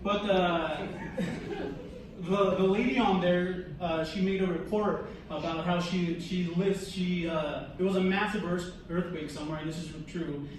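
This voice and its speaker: Young man, stand-up comic, high voice, slow halting delivery, lots of uh and like, echoey distant sound. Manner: halting, filler-heavy, deadpan. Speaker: stand-up comedian. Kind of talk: stand-up comedy. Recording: echoey club room, distant mic, background noise.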